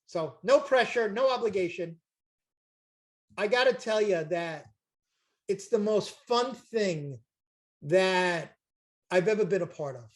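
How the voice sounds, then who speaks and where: An older man, making an emphatic, repetitive, jokey sales pitch on a video call as a chiropractic seminar promoter. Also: lively intonation, slow pace, pauses often. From Brooklyn, New York.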